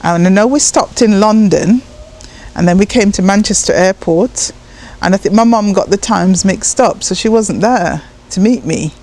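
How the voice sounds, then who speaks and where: A woman from Jamaica, a poet, telling personal stories in an interview with an animated manner, acting out voices and laughing often. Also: mid-range voice, normal speed. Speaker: guest, poet and writer.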